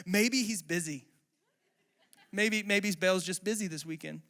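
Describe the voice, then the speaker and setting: A man's voice: sits high, measured pace, bright, forceful tone, no room sound, studio quality, heavily acted. A man playing a feisty taunting prophet Elijah. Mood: mocking. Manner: teasing, sarcastic.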